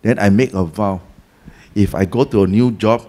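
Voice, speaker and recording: Animated Singaporean man telling a story. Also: fairly low pitch, moderate pace. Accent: Singaporean English. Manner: animated storytelling, acts out quoted people; colloquial, Malay and Hokkien words mixed in. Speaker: Buddhist teacher. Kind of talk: Dhamma talk.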